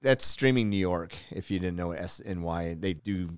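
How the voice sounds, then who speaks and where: A man co-hosting a podcast in casual chat, telling stories in an animated way and laughing easily. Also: deep voice, normal speed, clear, resonant tone, no room sound, studio quality. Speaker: podcast co-host.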